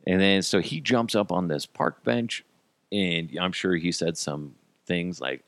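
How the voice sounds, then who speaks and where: A man hosting a podcast, telling a profane, animated story in a casual way and laughing at his own jokes. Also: sits low, measured pace, vocal fry, dry recording. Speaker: podcast host.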